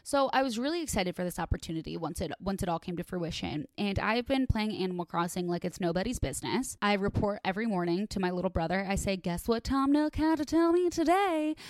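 A woman's voice: on the low side, fast talker, few pauses, no room sound, clean studio sound. A young woman hosting her podcast, telling stories in a chatty, self-deprecating way full of tangents. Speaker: podcast host. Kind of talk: casual storytelling monologue.

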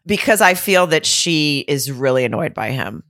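A woman with a notably low voice talks through a reality show episode in loose, laughing chat. The sound is dry and close, with no room around it. She talks with chatty energy. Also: expressive, normal speed, fairly bright tone, dry recording. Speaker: podcast co-host. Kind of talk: casual reality-TV recap chat.

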